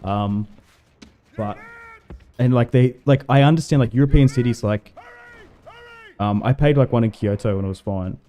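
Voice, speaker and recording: Warm-voiced man rambling casually. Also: mid-range voice, moderate pace, long pauses. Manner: rambling, chatty storytelling with fillers and laughs. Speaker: livestream gamer. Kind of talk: casual chat while streaming a strategy game.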